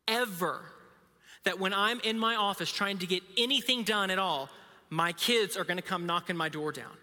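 A man's voice: sits high, bright, forceful tone. A man in his thirties preaching a sermon in a casual, storytelling way with self-deprecating humor. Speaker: pastor. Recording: reverberant hall.

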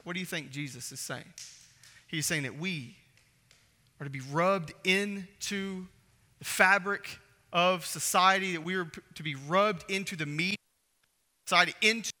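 A man's voice: sits high, pushed and bright. A man preaching a sermon as pastor, emphatic and repeating phrases for stress. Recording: echoey hall reverb.

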